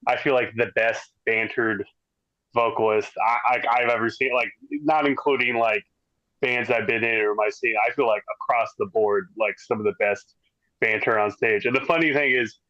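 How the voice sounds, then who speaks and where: A man's voice: medium pitch, normal speed, fairly bright tone, no echo. Man, band member guest, enthusiastic chat, dull lo-fi sound, dry. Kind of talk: casual interview chat. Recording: dry, muffled lo-fi audio.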